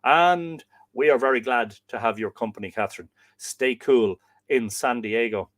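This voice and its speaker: An Irish man hosts a casual livestream, reading viewer comments aloud and answering them warmly. His voice is medium in pitch and moderately paced, with no room sound.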